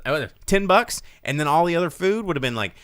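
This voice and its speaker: A man's voice: brisk, clean tone, no room sound, studio quality. A man co-hosting a casual live talk show, telling stories with lots of energy and acting out what people said. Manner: animated storytelling, acts out quotes with big pitch jumps. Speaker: podcast co-host. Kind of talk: casual chat.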